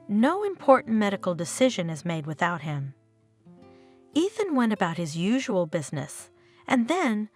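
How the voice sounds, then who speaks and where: A woman tells a scripted story, her pitch rising and falling in a lively, animated way. A faint guitar track plays softly underneath her voice. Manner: lively, expressive reading with wide swings in pitch.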